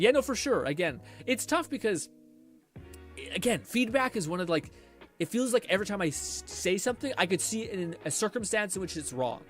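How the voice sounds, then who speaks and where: A man's voice: sits high, sing-song, brisk, faint music behind. A man streamer chatting casually with his stream chat and answering comments in a rambling way, full of fillers and restarts.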